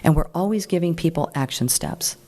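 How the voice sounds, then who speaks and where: A woman speaking a little fast tells a story to a crowd at a political group meeting in an informal talk. She is chatty, animated, frank and plain-spoken, and she raises her voice higher to act out the people she quotes.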